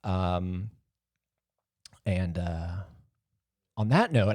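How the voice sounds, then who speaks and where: Low-voiced man rambling on a podcast. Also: expressive, slow, long pauses, a little mellow, no echo, clean studio sound. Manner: rambling, jokey and self-mocking. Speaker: podcast host. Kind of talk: casual solo podcast monologue. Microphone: close podcast mic.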